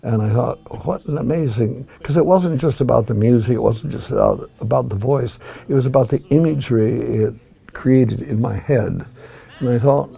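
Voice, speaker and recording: An older man with a gravelly, husky voice, talking as an interview guest and musing over his memories with frequent restarts. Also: mid-range voice, moderate pace, warm tone. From United States. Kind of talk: reminiscing interview talk.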